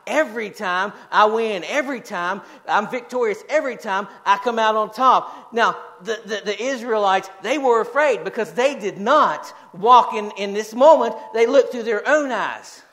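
A man with a notably high voice delivers a sermon from the pulpit. He climbs to loud, shouted peaks, then falls back into soft, self-mocking asides to the congregation. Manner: animated preaching, shouted peaks and quiet joking asides. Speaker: pastor.

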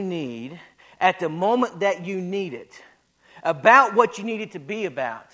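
A man's voice: high voice, big pitch swings, measured pace, pushed and bright. A male pastor preaching a sermon in a folksy way, repeating phrases as his voice swells and drops.

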